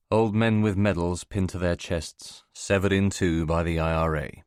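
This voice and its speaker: A man giving measured, scripted first-person narration of a novel for an audiobook. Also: low-pitched, steady tone, a little mellow, clear, resonant tone, dry recording, clean studio sound.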